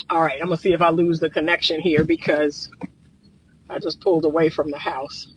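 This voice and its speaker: Speaking in a brisk, level tone, this fairly high-voiced man has a breathy edge. He's a relationship coach and counselor driving his car and talking casually but passionately to livestream viewers as he gets riled up.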